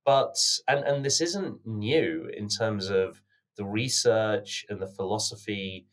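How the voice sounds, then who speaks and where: A man with a British accent, from the United Kingdom, talking as a podcast guest in an earnest, measured way with many filler words. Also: on the low side. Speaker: podcast guest, company founder. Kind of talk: conversational interview answers.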